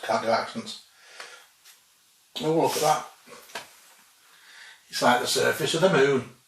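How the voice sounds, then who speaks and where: A man talks through a cheese tasting at home in a relaxed, chatty way, with dry, musing humour. His voice sits at an ordinary pitch for a man and sounds a little far from the mic. The room gives it a noticeable echo, and there is a faint hiss underneath. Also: slow pace, vocal fry. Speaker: food vlogger tasting cheeses. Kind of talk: casual tasting commentary. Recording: roomy sound, distant from mic, faint noise.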